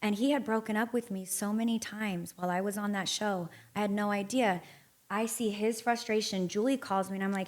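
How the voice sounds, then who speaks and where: A woman's voice: medium pitch, fairly even intonation, fairly quick. Frank, profane woman telling her story. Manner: frank and profane, reenacting past conversations. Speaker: podcast guest. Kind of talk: candid interview storytelling.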